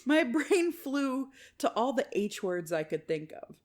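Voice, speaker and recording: A woman co-hosting a podcast reads a listener's story aloud in a casual, chatty way. Her voice sits on the higher side and swings widely as she tells it. She swears casually and laughs often. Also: very animated, a little slow. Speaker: podcast co-host.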